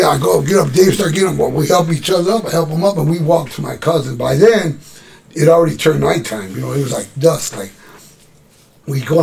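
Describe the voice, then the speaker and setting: Guy with a gravelly voice spinning a rough street story, cussing a lot, slightly high pitched, faint room noise. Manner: profane, animated street storyteller acting out quotes. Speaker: guest telling a story. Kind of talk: casual storytelling.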